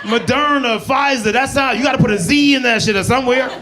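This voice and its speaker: A male stand-up comedian doing crowd work, teasing people in the audience and slipping into quick put-on voices. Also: very high-pitched. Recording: live club set with loud crowd laughter.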